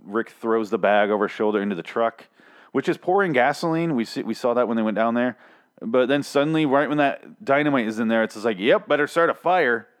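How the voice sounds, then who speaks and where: A man's voice: medium pitch, fairly quick. A man casually recapping a TV episode, rambling and swearing, with sarcastic asides.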